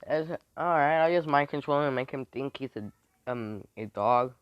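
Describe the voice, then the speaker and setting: A young man making up a fan story as he goes, rambling and halting, slipping into quick voices for the characters. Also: medium pitch, clear, resonant tone, no echo, lo-fi sound. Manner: rambling, halting, with many restarts and fillers. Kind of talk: improvised fan-fiction storytelling.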